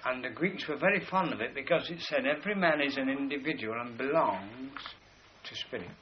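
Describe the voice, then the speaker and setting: A man giving a spoken lecture in a measured, explanatory way, slowing down to stress key words as he points to drawings. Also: medium pitch, highs cut off, a little hiss or hum.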